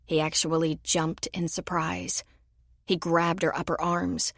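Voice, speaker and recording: A woman narrating a romance audiobook in an even, measured storytelling voice. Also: on the low side, dry recording, studio quality. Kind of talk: scripted narration.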